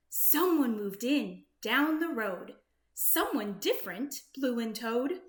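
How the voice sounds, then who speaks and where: A woman reading a children's picture book aloud in a gentle, sing-song storytelling manner. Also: a little high, animated, slow. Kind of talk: read-aloud storybook narration. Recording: roomy echo.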